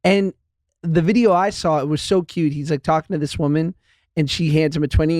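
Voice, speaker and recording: A man's voice: a little high, steady tone, a little fast, a little mellow, dry recording, clean studio sound. A man hosting a podcast, telling stories in casual chat and laughing often. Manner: chatty storyteller, laughs often. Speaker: podcast host.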